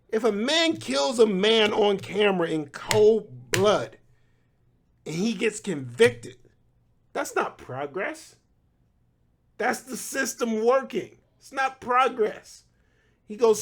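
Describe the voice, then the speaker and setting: A man's voice: sits high, expressive, unhurried. A man in his thirties hosting his own podcast, talking casually with laughing asides and frequent restarts. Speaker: podcast host. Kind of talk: casual solo commentary.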